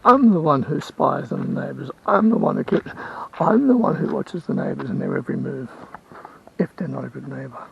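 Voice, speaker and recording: A man's voice: medium pitch, wildly swooping pitch, brisk, creaky, a bit bright, slightly rough, highs cut off. A man with an Australian accent, rambling and complaining in a casual vlog rant, repeating himself as he goes. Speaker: vlogger and house sitter.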